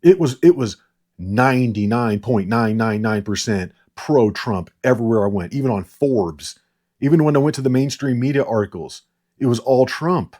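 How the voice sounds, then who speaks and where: A man's voice: mid-range voice, expressive, moderate pace, dark tone. A man giving casual political commentary, rambling and sarcastic, repeating words and laughing at his own jokes. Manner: sarcastic, mocking impressions. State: short on sleep.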